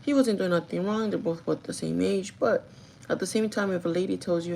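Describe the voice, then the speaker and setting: Gravelly-voiced woman telling a chatty story. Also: fairly low pitch, brisk, darkish tone, slight background noise, rough recording. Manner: chatty and gossipy, with frequent "like" and swearing. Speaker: store manager. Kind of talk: casual storytime chat with a livestream audience.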